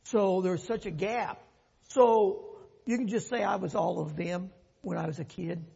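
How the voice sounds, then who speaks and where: An older man leads a church workshop, his speech halting and full of ums. His voice is high for a man and gravelly. The recording is lo-fi, with a long hall reverb. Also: fairly even intonation, mellow.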